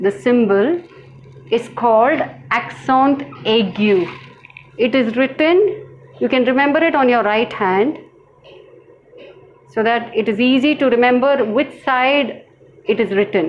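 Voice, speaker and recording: A woman teaching a language lesson, speaking slowly and carefully, repeating each word for her learners. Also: fairly high pitch, highs cut off, a little hiss or hum. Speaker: French teacher. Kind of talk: slow classroom lesson.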